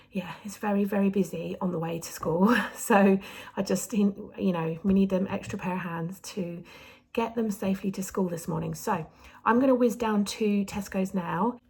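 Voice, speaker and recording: A woman's voice: mid-range voice, a little mellow, husky, rough recording. A woman, chatting casually and rambling a little as she vlogs her day, out of breath. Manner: chatty, rambling, self-deprecating. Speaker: vlogger. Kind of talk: casual vlog chat.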